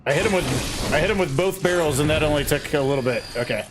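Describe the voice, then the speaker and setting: Laid-back forties guy streaming games, voice a bit high, chatting w his viewers. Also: fast, background noise. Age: 40s. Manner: easygoing, greets viewers by name, laughs often. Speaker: game streamer. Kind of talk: casual live-stream chat.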